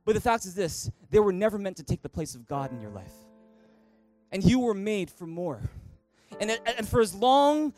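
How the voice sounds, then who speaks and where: High-voiced passionate preaching pastor. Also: male voice, big pitch swings, brisk, darkish tone, soft background music. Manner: passionate, repetitive rhetorical preaching. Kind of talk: sermon. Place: church.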